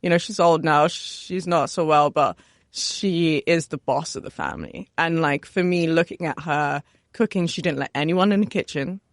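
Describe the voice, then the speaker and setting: A young woman chef from West London with a West London accent, chatting relaxed in an interview, laughing often and filling with "you know". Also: low voice, normal speed, no room sound, clean studio sound. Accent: West London English. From West London, England. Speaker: chef, guest. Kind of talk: casual interview chat.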